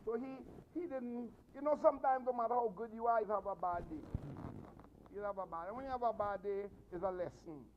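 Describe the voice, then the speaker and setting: A middle-aged man with a Trinidadian accent, a martial arts instructor telling travel stories to his students with animated emphasis and repetition. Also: sits high, brisk. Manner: animated, repeats phrases for emphasis. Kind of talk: storytelling speech to students. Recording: slightly dull sound, faint noise.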